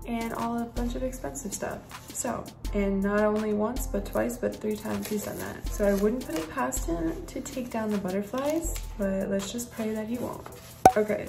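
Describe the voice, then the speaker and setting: A woman's voice: mid-range voice, vocal fry. A tired woman talking casually through a shopping haul vlog at home, chatty and full of \"like\". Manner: chatty, filler-heavy, \"like\" constantly. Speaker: haul vlogger and mother.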